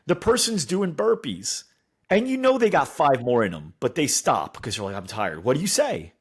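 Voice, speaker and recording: A man co-hosting a casual podcast chat, animated, acting out other people's lines in changing voices. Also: a little high, normal speed, breathy edge. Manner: animated, acts out quotes in voices. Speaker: podcast co-host.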